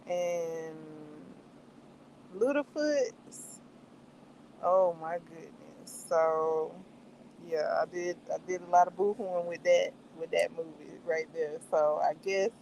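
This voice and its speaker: Slow-talking, animated woman streamer. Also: fairly low pitch, slight background noise, poor audio. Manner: animated, laughs often, acts out her own reactions; meandering with many fillers. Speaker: livestream host reviewing a show. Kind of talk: casual chat.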